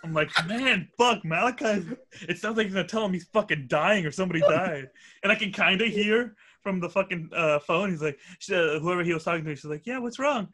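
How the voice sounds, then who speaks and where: A man's voice: high voice, brisk, a bit bright. A young man on a podcast, telling a crude, teasing story in casual chat and laughing often. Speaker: podcast co-host.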